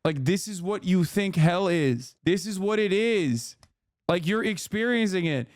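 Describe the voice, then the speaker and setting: Profane ranting streamer, smooth voice. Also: male voice, high voice, lively intonation, unhurried, no room sound, clean studio sound. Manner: profane, mock-patriotic ranting. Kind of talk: casual commentary stream.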